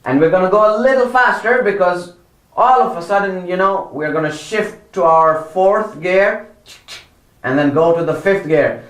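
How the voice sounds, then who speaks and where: A man patiently teaches children Quran pronunciation, stretching out each model word, repeating corrections and praising them. His voice is high-pitched, a bit bright and at normal speed, with a roomy sound.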